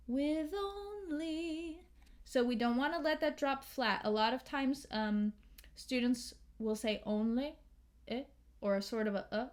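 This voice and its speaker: An American woman teaching English pronunciation, slowly and carefully modeling sounds and words. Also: fairly high pitch. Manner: slow, careful, models sounds and sings lines. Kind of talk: pronunciation lesson with sung examples.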